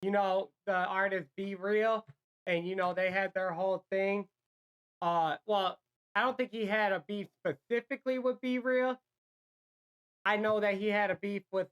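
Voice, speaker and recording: A woman's voice: mid-range voice, dull audio. Rambling, swearing woman reacting to music. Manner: rambling, excitable, swears freely. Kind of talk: casual reaction commentary.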